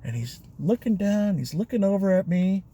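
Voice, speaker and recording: A man with a voice a touch higher than most tells a rideshare story in an easygoing, rambling way. He leans on fillers and small chuckles as he goes. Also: animated, moderate pace, mellow, slightly rough. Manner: chatty, loose, with fillers and chuckles. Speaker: rideshare driver and vlogger. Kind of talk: casual storytelling.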